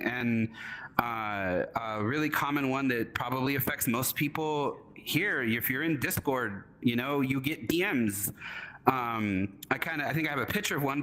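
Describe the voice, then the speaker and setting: A man's voice: medium pitch, a bit bright, a little hiss or hum, low-quality recording. A man speaking on a conference panel, talking casually and breaking into raised mock voices of scammers. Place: convention panel room.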